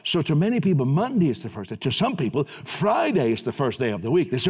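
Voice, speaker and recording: A man's voice: fairly high pitch, huge pitch swings, quick pace, darkish tone, slightly rough. A man preaching a sermon emphatically to a congregation in a church, often repeating and restarting his words. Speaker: pastor. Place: large church hall. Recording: dull recording with long hall reverb.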